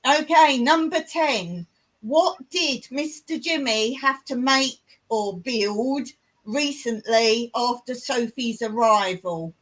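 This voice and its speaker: An English woman co-hosts a relaxed livestream trivia chat. She speaks very slowly in a slightly high voice, and she teases and giggles often. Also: rough recording. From England. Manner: slow and giggly, teasing. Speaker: livestream co-host.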